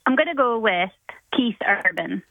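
Bubbly high-voiced woman caller. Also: lively intonation, normal speed, no room sound, phone-quality sound. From Australia. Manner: giggly, bubbly. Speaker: radio caller.

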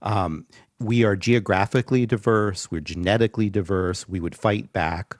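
A man arguing emphatically in a panel discussion, often pausing with ums. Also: lowish voice, fairly even intonation, no echo, clean studio sound. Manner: emphatic, argumentative, with frequent ums. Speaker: guest expert.

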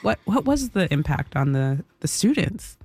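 A woman hosting a show, relaxed and playful between interviews. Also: fairly low pitch, moderate pace, slightly rough. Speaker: host.

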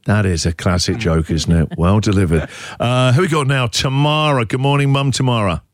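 A man's voice: mid-range voice, moderate pace, no echo, studio quality. A man hosting a breakfast radio show, chatting with callers in an upbeat, teasing and encouraging way. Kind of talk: lively radio banter with callers. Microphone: studio mic.

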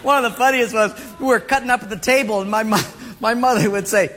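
A man preaching with a high, bright, forward voice, rolling jokes and family stories into his sermon and chuckling at them. The sound has a long church-hall reverb over a faint hiss of background noise. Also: fast talker. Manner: jokey, laughs at his own stories. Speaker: pastor. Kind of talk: humorous sermon storytelling.

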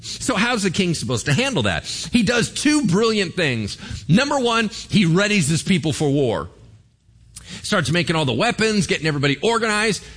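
A male pastor delivers a sermon with big swings in his voice, rising high and dropping low as he tells the story. His voice sits a little high for a man, and he acts out the characters' lines with flair. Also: fairly bright tone.

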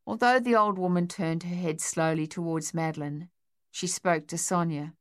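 A woman narrating an audiobook in an even, measured reading. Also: lowish voice, dry recording, clean studio sound.

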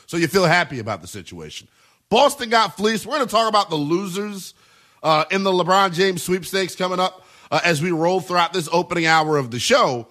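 A male sports radio host with a high, bright voice that rides up and down as he hammers his points home. He repeats phrases for emphasis in a punchy talk-radio monologue. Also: fairly quick. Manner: emphatic, repetitive, animated delivery.

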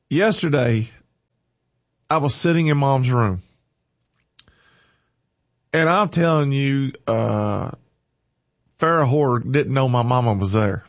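A man's voice: medium pitch, slow pace, pauses often, no room sound, highs cut off. A man speaking emotionally on air, fighting back tears as he talks in a fervent, folksy way. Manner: fervent, tearful, folksy and heartfelt. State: teary-eyed, crying.

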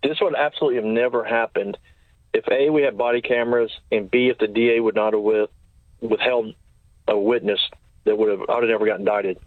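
A man tells his story at a brisk clip, packing in dates and quoted exchanges. His voice sits at an ordinary pitch and comes through a tinny, narrow phone line with no room sound around it. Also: steady tone, no echo. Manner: fast, detailed recounting with quoted dialogue. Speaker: interview guest, former sheriff's deputy. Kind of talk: storytelling in an interview.

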